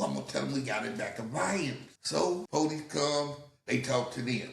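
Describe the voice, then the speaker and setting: A man's voice: mid-range voice, animated, normal speed, creaky, hardly any pauses. An older man telling stories about his youth in casual podcast talk, acting out other people's voices, swearing freely and laughing often. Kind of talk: casual storytelling. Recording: echoey room.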